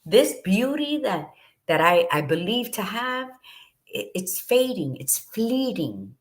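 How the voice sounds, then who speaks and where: A woman's voice: medium pitch, very animated, slow pace. A middle-aged woman hosting a talk show, speaking with candid, passionate conviction and swearing freely. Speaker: podcast co-host. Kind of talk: casual motivational talk.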